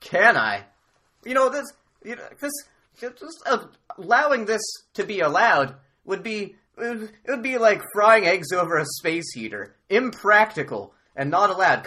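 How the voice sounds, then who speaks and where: Bright, stammering comic podcast man. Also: high-pitched, very animated. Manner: stammering, halting with many restarts. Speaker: podcast co-host in mock debate. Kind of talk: improvised comedy banter.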